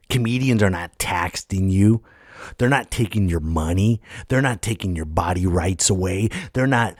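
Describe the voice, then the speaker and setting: A man putting on the voice of a brash older ex-wrestler politician in a comedic podcast rant, swinging from loud outbursts to hushed mutters. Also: low voice, husky, no echo, studio quality. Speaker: podcast host. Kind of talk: comedic impression monologue.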